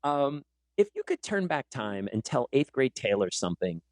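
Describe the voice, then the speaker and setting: At a moderate pace and in a mid-range voice, captured on a dry recording, a teacher who hosts a podcast tells animated, conversational stories. He acts out the quoted dialogue as he goes.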